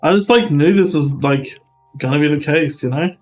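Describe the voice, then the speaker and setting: A man's voice: fairly high pitch, moderate pace, soft background music. A man bantering and teasing his friends on a casual stream. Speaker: co-player on stream.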